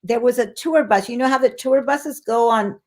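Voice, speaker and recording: An older woman tells stories as an interview guest, her voice pitched a little high. She talks animatedly, restarts her sentences often and acts out the voices of people she quotes. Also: moderate pace, darkish tone. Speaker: actress guest. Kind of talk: casual interview storytelling.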